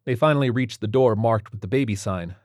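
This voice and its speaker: A man narrating an audiobook in a steady, even storytelling manner. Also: fairly low pitch, a little fast, no room sound, studio quality.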